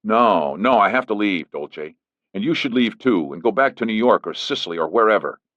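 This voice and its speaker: A man's voice: on the low side, animated, moderate pace, a bit bright, dry recording. A man voicing a firm, defensive leading man. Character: firm middle-aged man, a lawyer. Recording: dull lo-fi recording.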